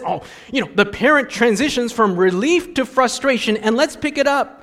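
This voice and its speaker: A man's voice: high voice, normal speed, fairly bright tone, big-room sound. A man preaching a sermon as a pastor, telling a story with animation and acting out the voices of frustrated parents.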